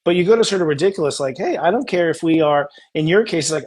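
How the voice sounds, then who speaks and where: A man hosting a casual spiritual coaching chat, animated and acting out tender inner dialogues. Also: fairly high pitch, fast talker, husky. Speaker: astrologer host.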